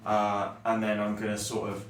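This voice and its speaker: A man's voice: lowish voice, completely flat delivery, moderate pace, slight background noise. A man playing a tabletop game, describing his character's actions with many stumbles and restarts. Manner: stumbling, self-correcting. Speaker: player. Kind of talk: casual tabletop play. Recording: echoey room, distant mic, music behind.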